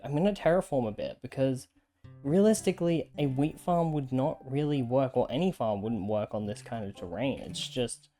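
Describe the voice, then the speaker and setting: A man's voice: mid-range voice, moderate pace, faint music behind. Chatty man narrating his gameplay. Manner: chatty, self-mocking, bursts of excited exclamation. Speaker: gaming content creator. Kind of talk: casual gameplay commentary.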